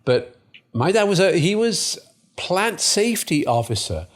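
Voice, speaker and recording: A man's voice: high voice, unhurried. A man from northern England, co-hosting with rambling, dryly humorous chat. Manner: lively, rambling, dry humor. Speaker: co-host. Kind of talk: casual chat.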